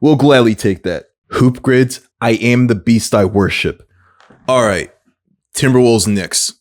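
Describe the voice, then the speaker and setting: A man talking casually to himself while playing a sports trivia game, thinking aloud, mocking his own mistakes and breaking into excited exclamations. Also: medium pitch, unhurried. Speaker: gaming creator. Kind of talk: casual gameplay commentary.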